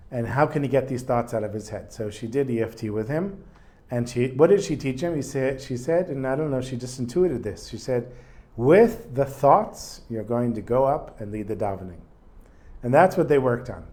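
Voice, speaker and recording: A man's voice: mid-range voice, dark tone. A man teaching a religious lesson in a casual storytelling manner, with asides. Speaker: Torah teacher.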